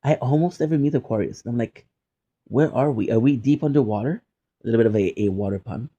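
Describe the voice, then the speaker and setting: Playful teasing young man, mellow voice. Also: medium pitch, fast talker, slightly rough, muffled recording. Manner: playful and teasing, bursts into mock outrage and repeated phrases. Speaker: live streamer chatting with viewers. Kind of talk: casual chat.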